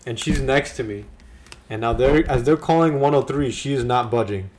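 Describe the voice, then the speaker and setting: A man hosting a podcast, telling a story in lively casual chat with slang. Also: mid-range voice, normal speed, slight background noise. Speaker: podcast host.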